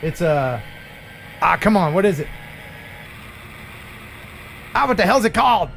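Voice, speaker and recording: A man's voice: sits high, big pitch swings, a little slow, gravelly, fairly bright tone, a little hiss or hum. A man hosting a casual live stream, joking and rambling with his co-hosts. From United States. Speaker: livestream host.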